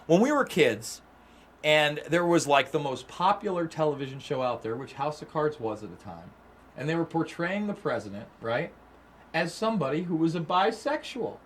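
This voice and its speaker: Brief: fired-up male livestream host, slightly high voice, profane, emphatic. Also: animated, moderate pace, fairly bright tone, a little hiss or hum. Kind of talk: casual livestream chat.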